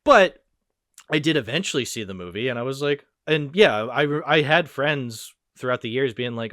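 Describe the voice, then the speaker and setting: A man in his twenties hosting a podcast, chatting casually about movies in a rambling, excitable way and swearing freely. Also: mid-range voice, a little fast, dry recording, clean studio sound. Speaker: podcast host. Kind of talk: casual movie-review chat.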